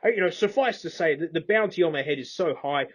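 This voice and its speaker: A man's voice: a little high, lively intonation, fast. A man with an Australian accent rambling through absurd comic stories in a laid-back drawl full of "like" and "mate". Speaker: comedic YouTuber. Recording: dull lo-fi test microphone.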